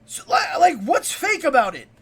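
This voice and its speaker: A man's voice: very high-pitched, wildly swooping pitch, moderate pace, fairly bright tone. A man streaming a reaction video, ranting casually, heated and profane.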